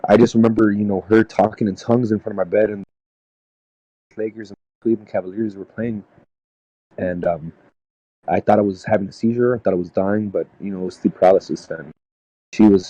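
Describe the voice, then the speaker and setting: Low, mellow man rambling a story. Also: dry recording, lo-fi sound. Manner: rambling, halting, peppered with "dude" and "man". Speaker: podcast panelist. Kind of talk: casual storytelling. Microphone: podcast mic.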